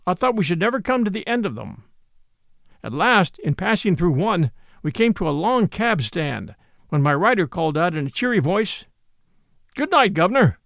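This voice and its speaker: A man reading a classic novel aloud as an audiobook, in a gentle storytelling manner. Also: high voice, sing-song, normal speed, creaky, no room sound, studio quality. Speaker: audiobook narrator. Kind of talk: scripted narration of a classic novel.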